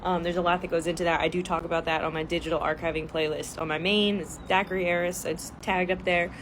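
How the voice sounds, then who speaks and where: A woman's voice: lowish voice, steady tone, fast talker, noisy background. Blunt, unfiltered woman talking to camera. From southern Louisiana, USA. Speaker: content creator and comedian. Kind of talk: casual comedic monologue.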